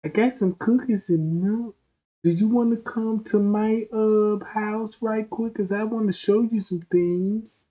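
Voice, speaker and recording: A man voicing a creepy, sweet-talking stranger in a drawn-out, syrupy sing-song. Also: high-pitched, steady tone, mellow, dull audio, pitched above the performer's own voice. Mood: coaxing.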